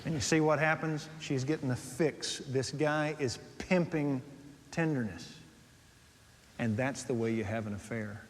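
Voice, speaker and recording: A man preaching a sermon, animated, swinging between soft and loud as he tells stories. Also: mid-range voice, a little slow, a little hiss or hum. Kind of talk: sermon on dating and marriage. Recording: long hall reverb.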